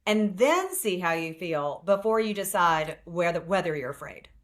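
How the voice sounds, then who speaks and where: A woman's voice: on the low side, very animated, normal speed. A middle-aged woman, a family law attorney and author, speaking frankly as a guest in a casual interview and telling stories plainly.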